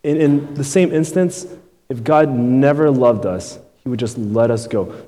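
Man, pastor, casual sermon delivery, talks straight to his listeners, medium pitch, long reverb of a big hall. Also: a little slow, mellow. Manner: conversational preaching, keeps tagging "right?" and "man".

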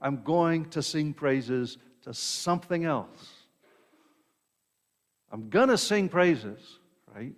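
Pastor preaching in a reverberant hall. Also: male voice, fairly high pitch, expressive, slow pace. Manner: conversational preaching, frequent "right?" asides and repeated words. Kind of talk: sermon.

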